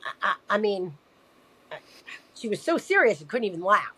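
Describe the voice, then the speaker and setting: A woman guest telling a personal story in conversation, animated and acting out quoted dialogue. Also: mid-range voice, normal speed, breathy edge. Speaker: podcast guest.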